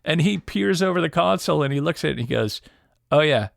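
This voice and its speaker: Man, middle-aged, gravelly voice, animated storyteller, dry close recording. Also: fairly high pitch, fast talker, no echo. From Detroit area, USA. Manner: animated storyteller, laughs easily. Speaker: guest audio producer. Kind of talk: casual storytelling interview.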